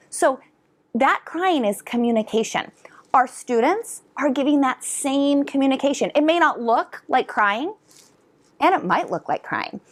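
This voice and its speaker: A middle-aged woman educator giving a conference talk to parents and teachers, animated and drawing answers from the audience. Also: high-pitched, measured pace. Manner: animated, asks the audience to respond. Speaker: educator presenter. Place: conference hall.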